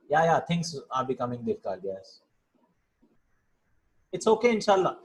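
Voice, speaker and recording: A rough recording captures an Arabic teacher whose slightly high voice has a sing-song quality; he speaks at a moderate pace with long pauses. Informally thinking aloud, he reads words one by one, glosses each, and checks in with "right?" and "yeah?" while covering vocabulary and grammar.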